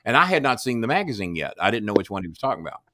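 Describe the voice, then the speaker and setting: A man's voice: lowish voice, sing-song, very fast, fairly bright tone, slight background noise. An older man from the Southern United States, a guest telling stories in a blunt, profane, casual way. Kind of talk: casual storytelling chat.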